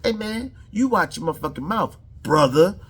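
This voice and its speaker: A hot-tempered male officer chews someone out in a raised, heated voice well above normal speech. The tone is husky and the pitch swings sharply. It is a man doing a comic impression in a reaction video. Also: expressive, moderate pace, fairly bright tone, exaggerated voice. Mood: scolding. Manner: heated scolding.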